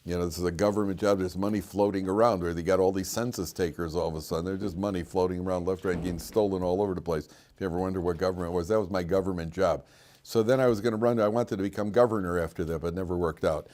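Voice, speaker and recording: A man's voice: low-pitched, steady tone, fast talker, a little mellow. A middle-aged man giving an informal Torah class in a classroom, joking and rambling with many restarts and fillers. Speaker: rabbi teaching a class.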